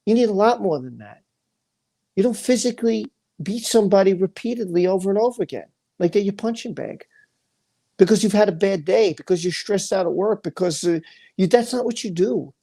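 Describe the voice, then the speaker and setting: Man, livestream host, angry rant, warm dark tone, emphatic, repeats words. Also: sits high, animated, a little fast, gravelly. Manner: emphatic and repetitive, stumbles over words.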